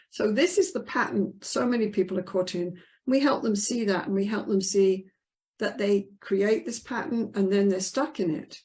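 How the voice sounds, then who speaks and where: A woman's voice: medium pitch, moderate pace, a little mellow. An older woman, a couples therapist, answering interview questions in an earnest, emphatic way and acting out the voices she quotes.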